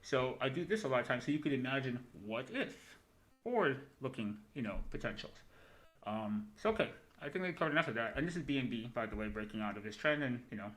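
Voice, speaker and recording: Poor audio carries a man's medium-pitched, somewhat bright voice as he runs a crypto trading livestream. Rattling through the charts in a loose, cursing, rambling way, he keeps ending his points with "right?", keeping the chart commentary casual.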